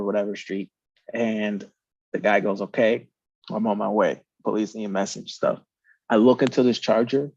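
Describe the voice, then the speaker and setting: Brief: man, casual storyteller, lively, swears, dry lo-fi recording. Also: on the low side, dry recording. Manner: animated storyteller, swears, acts out quotes. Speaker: podcast host.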